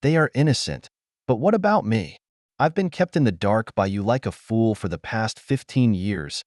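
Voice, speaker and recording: A man reading as a betrayed husband who speaks calmly, coldly and with sarcasm in an audio story. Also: on the low side, moderate pace, no room sound, clean studio sound. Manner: calm, cold, sarcastic. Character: cold, betrayed middle-aged husband.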